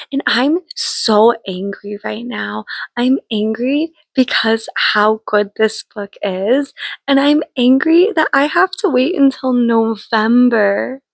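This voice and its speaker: A young woman talks straight to camera in a relaxed book vlog, her voice carrying a gravelly fry at the ends of phrases. She gushes and rambles with plenty of likes and ums, and the sound is close and dry with no room around it. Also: on the high side, no echo. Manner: chatty and gushing, frequent likes and ums. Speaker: book vlogger. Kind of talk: casual read-along vlog chat.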